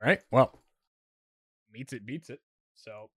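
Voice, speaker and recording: A man's voice: medium pitch, slow pace, slightly rough, no echo, clean studio sound. A man narrating as game master of a tabletop role-playing game, loose and full of hedging fillers.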